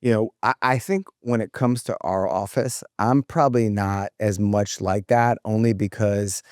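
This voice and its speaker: A man talks as a podcast guest in a fairly low voice, relaxed and earnest in a conversational way. The recording is dry and close-miked. He speaks at an ordinary pace. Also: normal speed, no echo. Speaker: podcast guest, business owner. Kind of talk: casual podcast chat.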